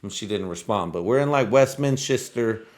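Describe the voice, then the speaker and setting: This vlogger speaks in a low-leaning, expressive voice at a moderate pace, winding through a crude, easygoing story in English. Spanish is his first language, and he comes from a Mexican-American family.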